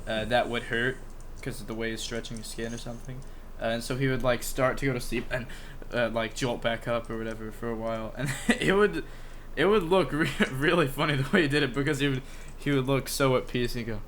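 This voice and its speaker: A man's voice: mid-range voice, brisk, hardly any pauses, a bit bright, a little hiss or hum. A young man co-hosting a podcast, telling a pet story in a rambling, casual way with lots of fillers, restarts and swearing. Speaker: podcast co-host. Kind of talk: casual chat.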